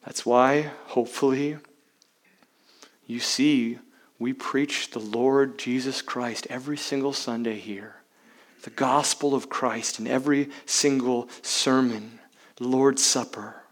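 A man preaching a sermon as pastor, emphatic, with rhetorical questions and dramatic swings between loud and hushed delivery. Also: mid-range voice, fairly even intonation, slow. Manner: uses rhetorical questions to the congregation.

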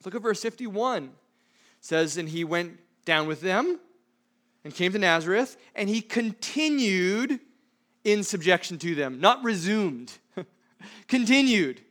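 A man with a high voice, preaching a sermon. He leans on rhetorical questions and lurches from loud stresses to hushed, quiet asides. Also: lively intonation, unhurried. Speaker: pastor.

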